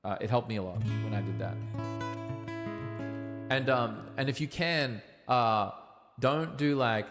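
A young Australian man chatting casually on a livestream, giving relaxed, rambling singing tips with plenty of ums. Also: medium pitch, measured pace, long pauses. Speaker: livestreaming singer and guitarist. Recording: reverby room with guitar behind. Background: guitar playing.

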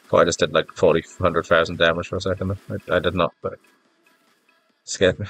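A man's voice: low voice, little pitch movement, brisk, a bit bright, slightly rough. A man giving casual gameplay commentary, rambling and self-mocking, easily flustered, with a congested, stuffy-nosed voice. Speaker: gaming YouTuber. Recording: faint game music behind.

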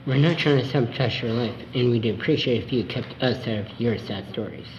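A man's voice: medium pitch, brisk, dull audio, a little hiss or hum, lightly acted. A man playing a snide airline agent. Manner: sarcastic.

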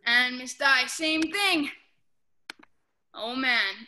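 A woman martial arts instructor coaching a class through drills. She calls out short commands and shouts sharp yells in her demonstrations. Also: high voice, expressive, a little slow, background noise. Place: indoor training hall. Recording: roomy echoey hall.

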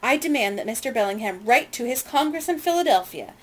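A woman reading aloud, voicing a proud wealthy loyalist lady who speaks crisply and with indignation. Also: medium pitch, expressive, brisk, natural voice. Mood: imperious.

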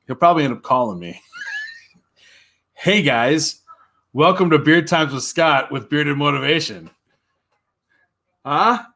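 A man's voice: on the high side, a bit bright. Chatty man laughing through a livestream. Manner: chatty, laughs often, talks to viewers directly. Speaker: livestream guest. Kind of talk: casual livestream chat.

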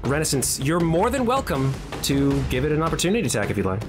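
A man narrating a tabletop game as dungeon master, playful and animated, with music behind. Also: on the high side, fast talker. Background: background music.

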